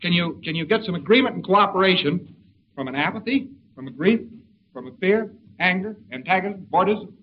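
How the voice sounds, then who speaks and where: A man's voice: high-pitched, expressive, brisk. A man giving an informal lecture in a folksy, rambling way with wry asides. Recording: dull lo-fi recording with faint hiss.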